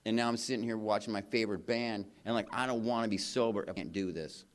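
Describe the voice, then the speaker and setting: A man's voice: on the low side, fairly even intonation, fast, clean tone. A man speaking at a recovery convention, telling his story in an earnest, rambling way, with lots of "man" and "you know". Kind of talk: personal recovery share. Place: convention stage before a live audience.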